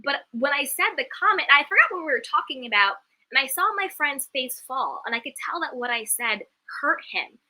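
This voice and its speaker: A young woman with a very bright, fairly high voice talks candidly in a casual live-stream. She is emphatic and chatty, and she stops to read viewer comments aloud. Her tone is forthright and conversational. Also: expressive, fairly quick, few pauses, rough recording. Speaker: reality TV commentary host.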